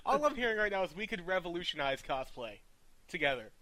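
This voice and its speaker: A man's voice: high-pitched, sing-song, fast, sharp tone. A man co-hosting a podcast in casual chat, playful and teasing as he goads the others. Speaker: podcast co-host.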